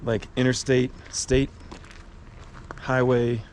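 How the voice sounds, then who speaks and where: Out on a mountain trail next to a highway, with traffic and wind audible, a young man who's thru-hiking narrates his vlog. He takes it slowly in a mid-range, darkish voice with little pitch movement, rambling in a relaxed, filler-heavy way.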